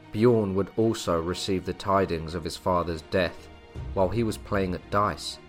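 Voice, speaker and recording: A man giving a measured, scripted narration of a historical tale. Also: low voice. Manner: measured, storytelling delivery. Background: soft music.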